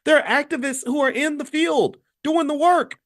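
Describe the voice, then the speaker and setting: A man's voice: very high voice, moderate pace. A man hosting his own channel, giving a heated unscripted opinion monologue, repeating points and stumbling over words as he gets worked up. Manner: emphatic, repetitive, rising and heated when animated. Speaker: channel host, finance commentator.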